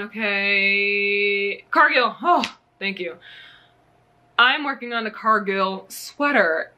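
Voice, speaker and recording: A young woman from the US talks through her knitting haul in a bubbly, gushing way, laughing often as she goes. Her voice sits a little high and rings very bright. The tone stays casual and chatty. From United States. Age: young adult. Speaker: knitting vlogger. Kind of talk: casual yarn haul chat.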